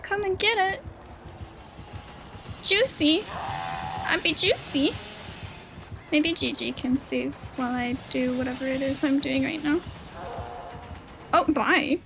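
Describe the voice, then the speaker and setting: A woman streaming a game live, chatting with teammates in an excitable way, swearing and squealing. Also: high voice, takes it slowly, creaky, long pauses, over music. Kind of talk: live gameplay chat with teammates.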